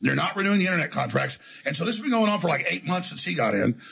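A man's voice: a little high, sing-song, very fast, creaky, a bit bright, breathy edge, poor audio. A man telling his story as an interview guest, in an emphatic, defiant, rambling way. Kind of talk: heated conversational storytelling.

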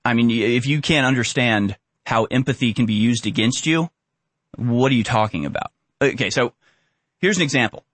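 A man's voice: mid-range voice, moderate pace, fairly bright tone, dry recording. Blunt exasperated man ranting. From Houston area. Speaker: commentary host. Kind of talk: ranting commentary.

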